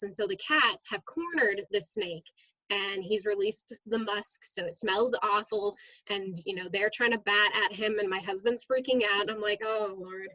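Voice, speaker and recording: A woman, a middle school science teacher, chatting as a guest in an interview and telling lively stories with frequent "um"s. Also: mid-range voice, no echo, lo-fi sound. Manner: lively storyteller, many "um"s. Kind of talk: casual interview storytelling.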